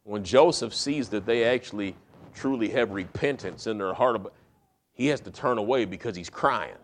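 A man's voice: fairly low pitch, normal speed. A middle-aged man preaches by retelling a story in plain, casual speech. He drops into the characters' lines along the way and keeps an easy conversational pace. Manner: casual retelling with acted-out quotes. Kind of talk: storytelling sermon.

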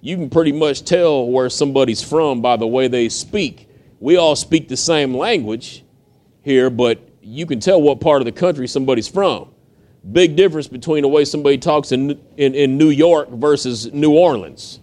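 A man's voice: mid-range voice, moderate pace, a little mellow. A man from the United States preaching, retelling a story in a folksy, conversational way with acted-out quotes. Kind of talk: storytelling sermon.

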